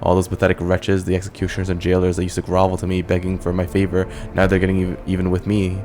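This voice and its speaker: Bitter demon-spawn ghost woman, read by a man, deep and flat. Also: fast talker, faint music behind, natural voice. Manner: resentful, read aloud plainly.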